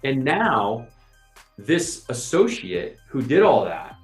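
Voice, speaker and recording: Speaking slowly in a mid-range voice, a male podcast host keeps things casual and animated, explaining through imagined little scenes and quoted voices. The sound is reverberant, with faint music in the background.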